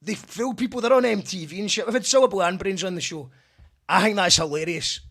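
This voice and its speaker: A man's voice: high-pitched, fast talker, vocal fry, fairly bright tone. A Scottish man hosting a casual interview, blunt and rambling with lots of restarts. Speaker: host.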